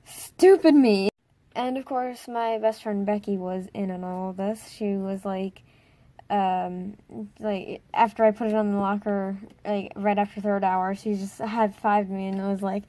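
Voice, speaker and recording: A teenage girl telling a school story in a casual storytime vlog, excitable and full of filler words, breaking into dramatic squeals. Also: medium pitch, measured pace. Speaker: storytime vlogger.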